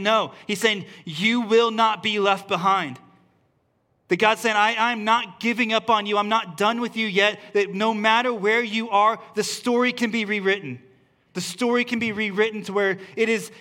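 A male pastor preaching at a church service, his voice pitched high with a bright, forceful edge. He talks earnestly and keeps repeating phrases, restarting lines to build emphasis. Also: steady tone, moderate pace. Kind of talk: sermon.

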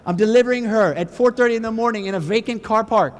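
A man preaching a sermon with passion, firing rhetorical questions and building to near-shouting. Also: high-pitched, fast, long reverb tail.

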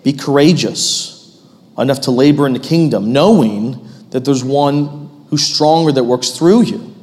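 A man in his thirties preaching a sermon as pastor, animated and rising to loud, emphatic peaks. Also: medium pitch, measured pace, big-room sound.

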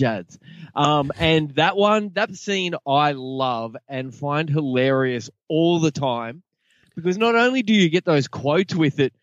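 Male co-host, raised pitch, dull lo-fi dry sound, keen and easygoing. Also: no room sound. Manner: eager, agreeable, laughing along. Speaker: podcast co-host. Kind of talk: casual chat.

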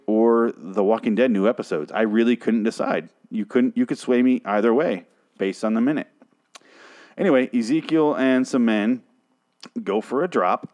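A man's voice: mid-range voice, darkish tone. Guy ranting through a tv recap, sarcastic, cussing constantly, rambles off track. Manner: rambling, sarcastic, swears a lot. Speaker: podcast host recapping a TV episode. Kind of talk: profane comedic recap.

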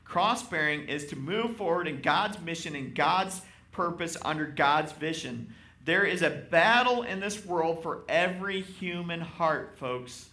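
A man's voice: fairly high pitch, measured pace, pushed and bright. A man preaching a sermon as pastor, reading scripture aloud and calling out to his congregation in an emphatic manner. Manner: emphatic, addresses congregation directly.

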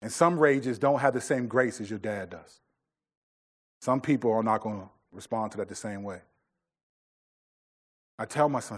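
A middle-aged pastor preaches a sermon loosely and conversationally, restarting often and using many fillers. His voice is lowish and moves at a normal speed with frequent pauses.

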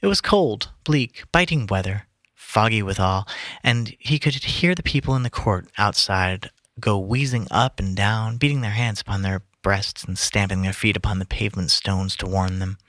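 A man's voice: lowish voice, moderate pace, fairly bright tone, no room sound, clean studio sound. A tired man reading a classic story aloud to friends late at night, often stumbling and restarting lines. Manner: stumbling, restarting, swearing when lost. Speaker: reader among friends.

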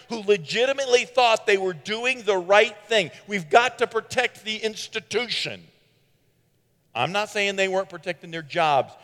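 A man preaching a sermon in an animated way, with sarcastic asides, swinging from loud to hushed. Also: fairly high pitch, long reverb tail.

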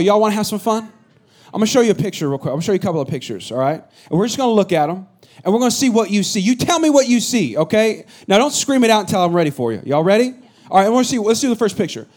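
A middle-aged man from the Bay Area preaching a sermon as pastor, animated and joking with his congregation. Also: high voice, fast talker. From San Francisco Bay Area. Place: church hall with a congregation.

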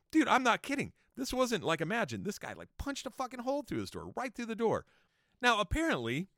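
A man in his fifties from Southern California, telling stories from his youth on a podcast in a casual, excited way, swearing often. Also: dry recording, studio quality. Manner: animated, swearing, jumps high when excited. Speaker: podcast storyteller. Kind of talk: casual storytelling monologue.

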